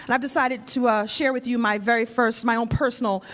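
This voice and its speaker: Brassy high-voiced woman comic. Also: fairly even intonation, brisk, fairly bright tone. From New York. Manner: brassy, teasing the crowd. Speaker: stand-up comedian. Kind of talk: stand-up comedy. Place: comedy club stage. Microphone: handheld. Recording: comedy club with audience laughter.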